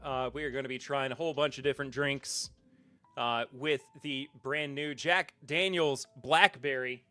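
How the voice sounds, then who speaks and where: A man's voice: medium pitch, fairly even intonation, normal speed, pushed and bright, no echo. A man in his thirties from the Southern United States, hosting a casual livestream podcast and rambling with lots of fillers and restarts. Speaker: podcast host.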